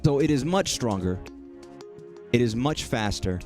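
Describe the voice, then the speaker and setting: A young man streaming a game, swearing freely and talking excitedly to himself as he plays. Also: medium pitch, a little slow, soft background music. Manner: profane, excitable, talks to himself while playing. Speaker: gaming streamer. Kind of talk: live gameplay commentary.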